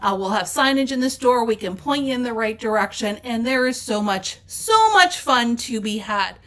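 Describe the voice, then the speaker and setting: A woman's voice: fairly high pitch, lively intonation, normal speed, a bit bright. A woman hosting a casual craft store update, chatty and upbeat, with plenty of fillers. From Canada. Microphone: off-camera mic with slides.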